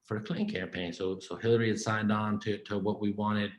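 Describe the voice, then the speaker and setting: A man giving a keynote talk, telling a story in an informal, animated way, with lots of "man" and "right?" and restarts. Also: lowish voice, fairly quick, echoey room, low-quality recording. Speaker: keynote speaker.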